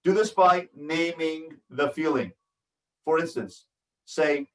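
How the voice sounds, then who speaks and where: A man's voice: a little high, slow, echoey room, recorded from a distance, poor audio. A man, a rabbi, teaching a parenting class over a video call, reading from a workbook and acting out sample phrases with feeling. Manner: earnest and instructive, acts out sample phrases with feeling. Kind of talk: online lecture reading from a workbook.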